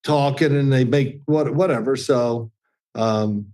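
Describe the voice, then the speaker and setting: An older man with a slight Kentucky twang tells folksy stories as an interview guest. His pitch sits in a middling range and he chuckles now and then. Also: slow, warm tone. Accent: slight Southern, Kentucky. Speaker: guest, former NFL quarterback. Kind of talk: casual interview chat.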